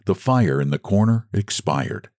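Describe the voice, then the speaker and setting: A man with a deep, low voice reads a classic story aloud, his pitch rising and falling dramatically. The sound is close and dry. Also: unhurried, creaky, dry recording. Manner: expressive, theatrical reading. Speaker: narrator. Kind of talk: audiobook story narration.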